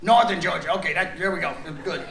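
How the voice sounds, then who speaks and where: Fast-talking, high-pitched and creaky, this middle-aged man performs stand-up with crowd work in a big cruise-ship theater. He uses a stage mic, and the echoey room is full of loud laughter from the audience.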